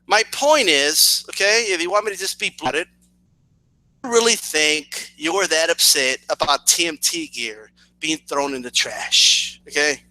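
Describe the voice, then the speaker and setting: A man's voice: on the high side, measured pace, sharp tone, no echo, low-quality recording. A man hosting a reaction video, talking in a mocking, sarcastic way with frequent stutters and restarts. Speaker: reaction channel host.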